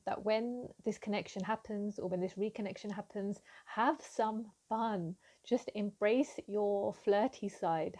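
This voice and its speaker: A woman giving a gentle, affirming tarot reading to camera, with frequent ums and restarts. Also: medium pitch. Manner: giggly and excited at times. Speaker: tarot reader.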